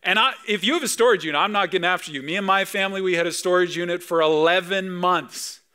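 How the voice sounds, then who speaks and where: A man's voice: high-pitched, fast talker, clean tone. A man in his thirties, a pastor from Canada, preaching a conversational sermon full of personal stories. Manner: storytelling, animated, conversational, sometimes emotional.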